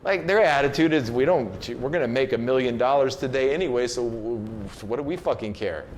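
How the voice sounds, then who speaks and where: A man's voice: medium pitch, a little fast, slight background noise. A man giving a casual motivational talk, loose and slangy with many fillers and restarts, now and then acting out other people's lines. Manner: acts out quoted people in changed voices. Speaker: host giving a motivational message.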